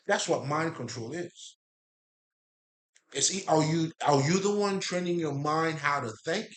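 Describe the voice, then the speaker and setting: A man hosting a spiritual talk rambles through ideas at a middle pitch, losing the thread now and then. He curses freely and uses street slang, then laughs and picks up where he left off.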